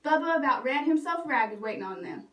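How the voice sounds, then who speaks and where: A woman librarian reading a picture book aloud for children in a lively, expressive way. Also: high voice, fairly quick, distant mic, a little hiss or hum. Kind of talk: storytime read-aloud. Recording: roomy echo, away from mic.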